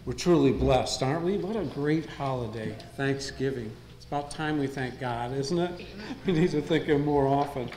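A man's voice: mid-range voice, moderate pace, few pauses, darkish tone. A male preacher gives a sermon to his congregation in a folksy, easygoing way. He drops jokes between his points. His voice rings with a roomy church echo over a faint background hum. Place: church sanctuary. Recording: echoey room, faint ambience.

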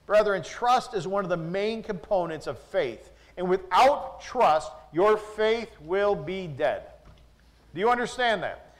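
A man with a notably high voice preaches a sermon in a church. He speaks emphatically, pressing the congregation with rhetorical questions. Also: expressive, unhurried. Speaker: pastor. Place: church with a screen behind him.

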